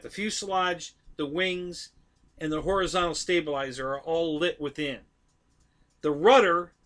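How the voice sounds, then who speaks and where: A man's voice: on the high side, pushed and bright. A man hosting a live stream, chatting casually about model planes, rambling, correcting himself and talking straight to his viewers.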